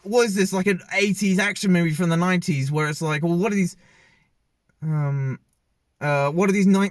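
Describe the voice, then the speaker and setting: Male film reviewer, slightly high voice, loose and hesitant delivery, dead-dry recording. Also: no echo. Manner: rambling, hesitant, many fillers and restarts. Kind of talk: casual spoken movie review.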